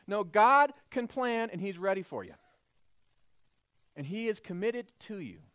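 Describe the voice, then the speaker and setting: A male pastor preaches in a church service, telling the story animatedly and slipping into its characters' voices. His voice sits high and swings widely in pitch. The sound is dry and close. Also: expressive, unhurried, a bit bright, clean tone, no room sound. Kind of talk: sermon.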